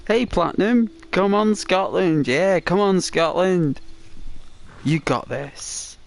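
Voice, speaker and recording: A man's voice: high voice, takes it slowly, vocal fry. A man from England livestreaming a game, chatting casually and encouragingly with viewers by name as he reads their comments. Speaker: gaming livestreamer.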